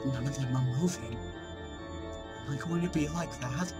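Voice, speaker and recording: A man's voice: medium pitch, unhurried, loud music behind the voice, lightly acted. A man voicing a frightened young girl in a horror game, asking trembling, pleading questions. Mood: fearful.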